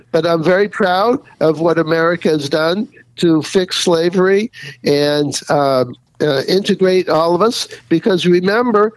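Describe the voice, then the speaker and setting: A man's voice: high-pitched, no room sound, rough recording. A man interviewed as an author, answering at length with lots of fillers and restarts. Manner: rambling, many fillers and restarts, chuckles. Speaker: author and guest.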